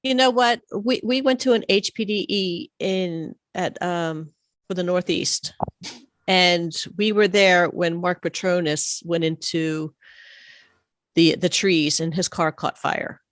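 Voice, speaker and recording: A woman's voice: on the low side, fairly even intonation, slow, dry recording, studio quality. A woman co-hosting a podcast, speaking plainly and making her point with rhetorical questions. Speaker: podcast co-host. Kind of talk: casual chat.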